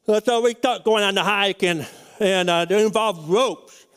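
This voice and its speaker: A man's voice: sits high, unhurried, a bit bright, clean tone. A middle-aged male pastor telling a personal story in a sermon, folksy and rambling, with frequent restarts.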